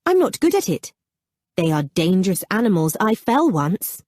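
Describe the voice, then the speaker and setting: A woman narrator voicing a blunt, prickly young banker's daughter, raising her voice high and speaking emphatically. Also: very animated, normal speed, darkish tone, no room sound, clean studio sound. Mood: insistent.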